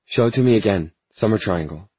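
A carefree young woman who teases and coaxes without apology, as a male narrator puts her on. Her voice sits well above his own deep tone, with a husky edge. The audiobook recording is close and dry. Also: animated, a little fast, a little mellow, dry recording. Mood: teasing. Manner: coaxing, unapologetic.

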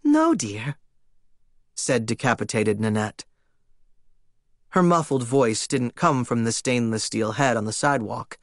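A man's voice: medium pitch, measured pace, dry recording, clean studio sound. A man narrating an audiobook in the first person with a wry, theatrical delivery.

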